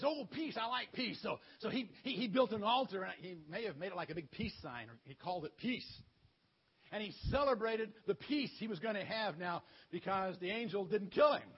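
A male preacher tells a children's story sermon in an animated, playful way. His voice sits high and leaps about in pitch, with a husky grain. The recording sounds dull and lo-fi.

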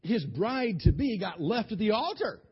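A man's voice: high-pitched, big pitch swings, moderate pace, breathy edge. A man preaching, retelling a Bible story in a folksy, colloquial way with many restarts, on a dull lo-fi recording. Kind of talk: animated Bible storytelling sermon.

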